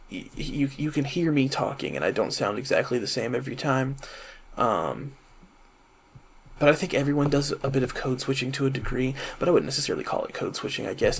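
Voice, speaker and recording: A man in his twenties from the American South, rambling to camera in a casual monologue, full of fillers and restarts, high while he talks. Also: creaky, a little hiss or hum. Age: 20s. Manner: rambling and self-correcting, many fillers and restarts. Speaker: vlogger and rapper.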